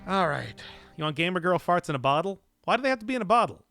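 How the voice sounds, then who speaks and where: Streaming a video game, this man talks fast in a high, very animated voice that's creaky, pushed, and bright. The recording is dry with soft music behind him as he rambles through casual gameplay commentary, mocking himself and laughing at his own jokes.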